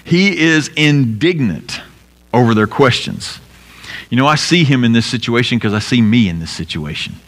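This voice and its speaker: Earnest male preacher in echoing hall. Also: fairly bright tone. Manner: earnest preaching, rising to emphatic peaks and dropping low. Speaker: pastor. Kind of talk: sermon. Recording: long hall reverb.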